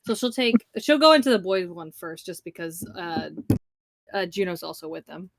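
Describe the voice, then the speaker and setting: A woman's voice: lowish voice, animated, normal speed, gravelly, a bit bright, no room sound, studio quality. A woman playing a tabletop game, hesitant with many fillers as she plans her character's moves. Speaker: player.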